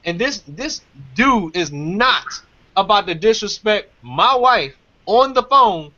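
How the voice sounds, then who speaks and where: A man's voice: high voice, very animated, takes it slowly, sharp tone. A man telling a story in casual talk, emphatic and repeating his phrases. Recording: dull lo-fi sound.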